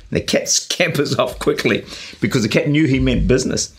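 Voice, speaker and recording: A man's voice: medium pitch, expressive, brisk, fairly bright tone, slight background noise. A man preaching a sermon in an earnest, exhorting way, with frequent "uh" and "you know". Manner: earnest, exhorting, with frequent 'uh' and 'you know'. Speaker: pastor and radio preacher. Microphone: camera-recorded sermon.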